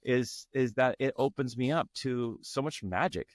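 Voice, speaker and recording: In a clean studio recording with no echo, a man of medium pitch speaks at a measured pace. He's a tantra facilitator appearing as an interview guest, reflective, earnest and searching, repeatedly restarting what he says.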